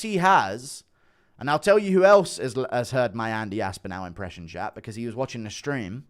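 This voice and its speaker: A young man hosting a livestream, chatting casually and swinging between loud bursts and low mumbles. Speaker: livestream host.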